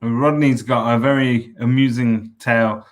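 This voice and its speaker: A man hosts calmly, setting up a speaker's story at a steady, measured pace. His voice sits at a middle pitch.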